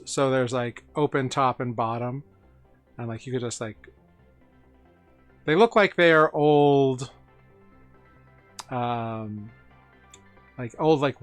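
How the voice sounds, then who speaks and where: A man narrating as game master for a tabletop game, rambling with many fillers. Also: mid-range voice.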